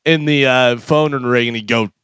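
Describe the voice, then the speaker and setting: A man's voice: medium pitch, normal speed, smooth, no room sound. Laughing male radio host, studio banter. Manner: animated storyteller, laughs often.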